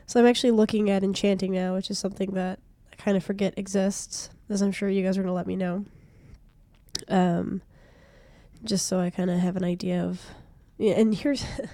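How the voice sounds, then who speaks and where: A woman's voice: medium pitch, warm tone, dry recording. Congested young woman streaming a game. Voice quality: hoarse, stuffy voice. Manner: chatty, self-deprecating, laughs often. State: congested from a cold. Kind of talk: casual game streaming chat. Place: small streaming room.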